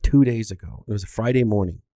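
A man's voice: fairly low pitch, fast talker, warm tone, no room sound, studio quality. A man co-hosting a podcast, telling a funny story in casual chat, laughing and swearing as he goes. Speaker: podcast co-host.

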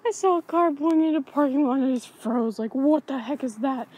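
Filming herself on a handheld iPod, a vlogger wanders between thoughts while sitting outside on a backyard swing in the cold night air. Her voice sits high but has a darkish tone.

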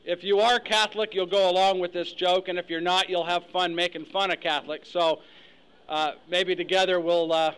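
A man's voice: high voice, flat delivery, moderate pace, fairly bright tone, clean tone, low-quality recording. A man giving a humorous speech, telling jokes to a luncheon audience and acting out characters. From United States. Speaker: after-dinner speaker. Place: luncheon hall with live audience.

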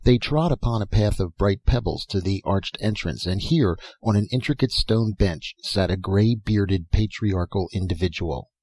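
A man reading fiction aloud as an audiobook narrator, in a measured, even reading style. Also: lowish voice, slightly rough, no echo. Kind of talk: scripted narration.

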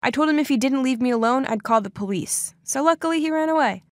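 A young woman telling a first-person story for an animated video, with expressive, dramatic delivery. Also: sits high, fast talker, dry recording, studio quality. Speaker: narrator.

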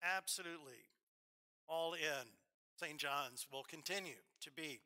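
Bright-toned man with an Alabama accent. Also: a little high, measured pace. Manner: storytelling, warm asides, hesitant fillers. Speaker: officiant. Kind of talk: eulogy at a memorial service. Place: church.

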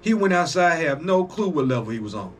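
Excitable man reacting with lots of swearing. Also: a little high, a little fast, soft background music. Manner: excitable, profane, exclaiming often. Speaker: reaction video host. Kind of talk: casual reaction commentary.

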